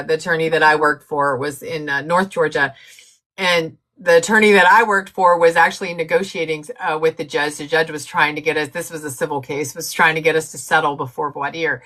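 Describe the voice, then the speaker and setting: A woman's voice: deep voice, a bit bright. A woman co-hosting a casual live-stream chat, telling anecdotes and laughing often. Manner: storytelling, laughs often, quick asides to the chat. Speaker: co-host.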